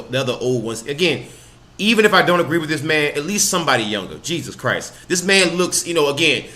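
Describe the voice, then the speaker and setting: A man's voice: mid-range voice, bright, forceful tone. A man hosting a podcast, giving profane, mocking live reaction commentary with frequent laughter. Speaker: podcast host.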